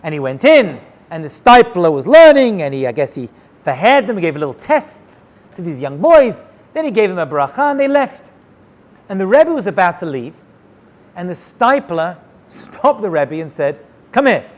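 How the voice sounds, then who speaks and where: A male rabbi telling a story in an animated way, dropping Hebrew and Yiddish words as he goes. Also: sits high, moderate pace. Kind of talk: storytelling talk.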